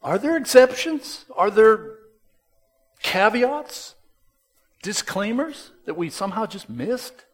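Male pastor, sermon delivery, slightly higher voice, unhurried and emphatic, talks straight to his congregation. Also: very animated, husky. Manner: emphatic, swings between loud stresses and soft drops; conversational, with restarts and asides to the congregation.

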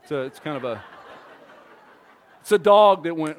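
Animated high-voiced male preacher. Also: normal speed. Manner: animated, interactive with congregation, acts out voices. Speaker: pastor. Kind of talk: sermon.

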